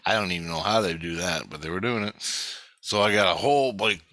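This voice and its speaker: A man's voice: deep voice, brisk, sharp tone, no room sound. A man casually telling a long, rambling personal story, swearing often and jumping between thoughts. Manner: profane, restless, digressive. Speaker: vlogger recounting spiritual experiences.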